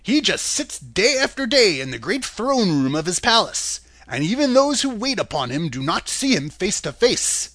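A talkative farmer played by the male storyteller explains in a confident, matter-of-fact way. His voice moves with lively pitch and sits dry and close to the mic. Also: moderate pace, few pauses, no room sound, heavily acted. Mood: explaining. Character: knowing, talkative grown farmer man.

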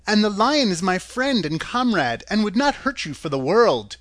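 A man's voice: high-pitched, very animated, normal speed, a bit bright, dry recording, studio quality, pitched above the performer's own voice. A man voicing an earnest, courteous young girl on a journey.

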